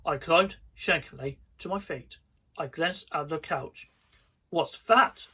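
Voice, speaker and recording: Slow, bright-voiced male storyteller. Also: fairly high pitch, slightly rough. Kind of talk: storybook reading aloud.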